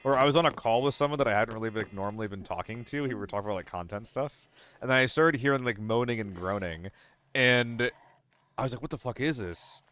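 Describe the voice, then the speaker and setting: Playing a shooter game alone on stream, this young gaming streamer talks fast to his chat, swearing casually, joking with viewers, and hopping from topic to topic. His medium-pitched voice is clear, resonant, and a bit bright.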